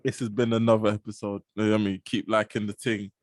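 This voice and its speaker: A man's voice: fairly low pitch, level tone, fast, no room sound. Laid-back man hosting a football podcast. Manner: laid-back slang, laughs often. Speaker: podcast host. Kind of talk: casual football chat.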